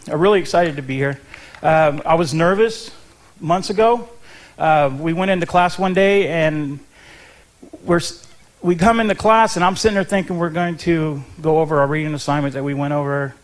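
A ministry intern giving a short sermon in church, chatty and nervous, with lots of ums and restarts. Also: male voice, on the high side.

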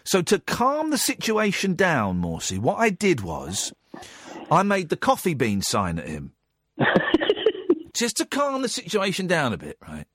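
A man spins a story on a radio phone-in, his pitch swooping wildly from high to low. He keeps checking in with "right?" and trips over restarts as he goes. His voice sits a little high for a man, and it sounds dry and close. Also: huge pitch swings, measured pace, a bit bright, husky, no echo. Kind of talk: animated anecdote on radio.

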